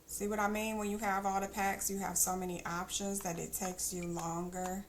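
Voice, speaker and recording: A woman's voice: medium pitch, level tone, moderate pace, few pauses, a little hiss or hum. A woman streamer chatting casually as she plays, thinking aloud with teasing asides. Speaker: game streamer. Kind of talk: casual gameplay commentary.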